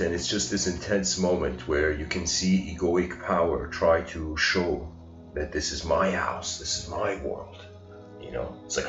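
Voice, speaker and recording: Acting out the quoted lines with growing intensity, a spiritual lecturer rambles through a casual storytelling talk. His voice sits low, unhurried, with a fairly bright tone, captured in a roomy, dull lo-fi recording where faint music plays.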